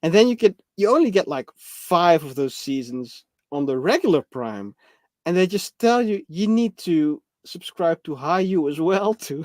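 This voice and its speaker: A man with a fairly high, very lively voice that jumps around in pitch as he co-hosts a casual chat. He teases and laughs a lot, recorded dry and close. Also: a little slow, no room sound. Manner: teasing, animated, laughs a lot. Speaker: co-host.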